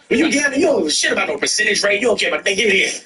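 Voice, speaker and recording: A middle-aged man telling stories in a casual podcast chat, animated and profane, acting out his own past words. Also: sits high, rapid-fire, background noise. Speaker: guest storyteller.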